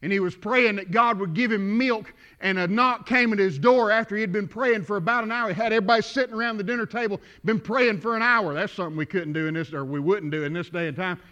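A man preaching a sermon, telling folksy stories that build to shouting. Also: high-pitched, fast talker, hardly any pauses, lo-fi sound. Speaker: pastor.

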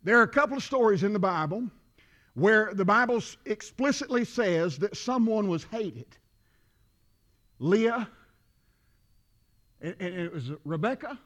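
A man preaching a sermon, talking to the congregation as if in conversation and swinging between loud declaring and quiet asides. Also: sits high, lively intonation, a little slow. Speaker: pastor. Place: church.

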